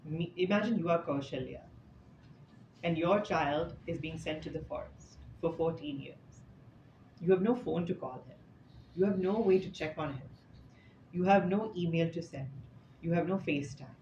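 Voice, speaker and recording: Speaking to an audience in an indoor talk room, a man gives an informal scripture talk, telling stories chattily with casual asides. His voice is a little high and darkish in tone at a moderate pace, and the room recording is echoey, slightly dull, with faint noise.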